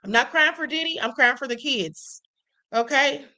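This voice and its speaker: A middle-aged woman hosts a live stream and keeps talking straight to her chat in a loose, chatty way. Her voice is bright and forward and sits a little high. She keeps checking in with her viewers as she goes. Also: moderate pace. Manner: chatty, addresses viewers as y'all, frequent "okay?".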